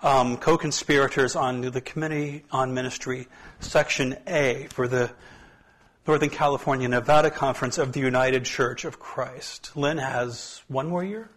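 A man speaking as a pastor in a relaxed, chatty talk to a church group, his voice a bit hoarse from allergies, on a hand mic. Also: mid-range voice, normal speed. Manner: relaxed, chatty, self-deprecating asides.

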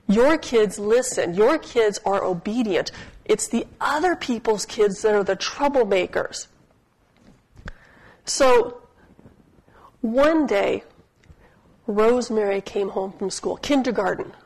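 A woman's voice: medium pitch, animated, takes it slowly, long pauses, darkish tone, rough recording. A woman preaching a sermon in a chatty, humorous storytelling way, often asking her listeners questions. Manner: asks the audience questions.

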